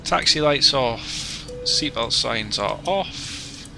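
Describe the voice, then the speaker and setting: A man's voice: mid-range voice, lively intonation, slow, gravelly, music in the background, low-quality recording. A man casually chatting while streaming a flight simulator, joking and greeting viewers by name. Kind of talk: casual livestream commentary.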